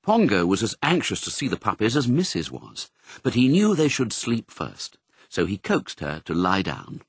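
A man narrating a children's novel in an expressive, measured storytelling voice. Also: fairly low pitch, breathy edge, no echo. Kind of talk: audiobook narration.

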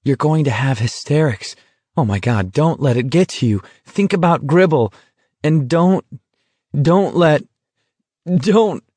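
A man's voice: mid-range voice, normal speed, dark tone, husky, no room sound, close to an everyday voice. A man voicing a young man gripped by helpless laughter, breathless and near weeping. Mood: panicky.

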